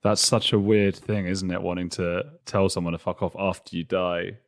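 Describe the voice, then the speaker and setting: A man's voice: low voice, level tone, normal speed. Man hosting a podcast. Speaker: podcast host. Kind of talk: scripted intro then interview.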